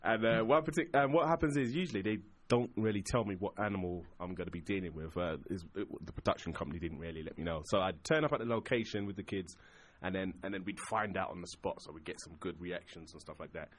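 A man's voice: low-pitched, fast. A man telling a funny story in a casual chat, acting out the voices of the people in it and often breaking into laughter. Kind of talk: casual anecdote.

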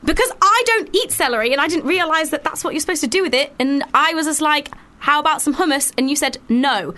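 A woman's voice: sits high, fast talker, pushed and bright. A woman hosting a radio show in a studio, chatting casually and laughing often.

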